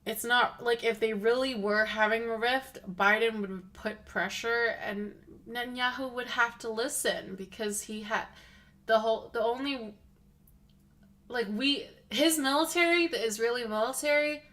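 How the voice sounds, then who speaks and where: A woman's voice: on the high side, normal speed, fairly bright tone. A woman streamer giving casual political commentary, rambling with lots of "like" fillers and feeling car sick.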